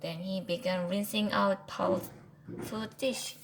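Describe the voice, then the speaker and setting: A woman's voice: medium pitch, fairly even intonation, takes it slowly, over music, low-quality recording. A woman with a Korean accent, an English reading teacher, carefully reading a children's chapter book aloud with small slips.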